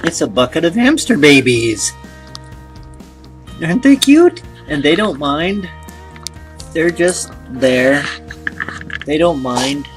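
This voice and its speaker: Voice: mid-range voice, expressive, slow, pauses often. A pet vlogger in their fifties, chatting casually and cooing playfully while narrating footage. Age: 50s. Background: background music.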